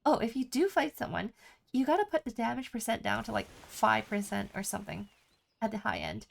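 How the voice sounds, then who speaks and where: This woman keeps a chatty stream going while she plays, reading chat aloud and listing what she can do. Her voice leans high and gravelly, swings widely in pitch, and moves briskly.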